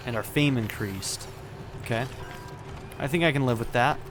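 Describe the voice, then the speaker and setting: Laid-back man thinking aloud over a game. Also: mid-range voice. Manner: relaxed, chatty, thinking aloud with fillers and quick laughs. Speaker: let's play gamer. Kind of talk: casual game commentary.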